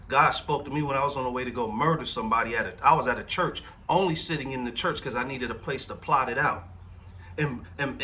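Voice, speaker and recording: A man's voice: medium pitch, sharp tone, recorded from a distance, slight background noise. A man in his forties preaching a conversational sermon as pastor, often checking in with the congregation through rhetorical questions. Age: 40s.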